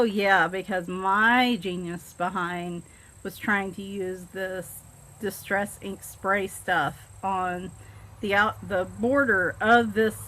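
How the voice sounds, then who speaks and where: Southern woman host, unhurried, mid-pitched, chatty and self-deprecating. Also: fairly bright tone. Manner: rambling, self-deprecating, many fillers. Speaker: coloring book channel host. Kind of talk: casual chat showing books.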